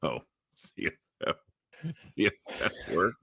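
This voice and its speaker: A man's voice: low voice, wildly swooping pitch, slow pace, bright, forceful tone, breathy edge. A man hosting a talk show, chatting casually as a rambling, joking storyteller.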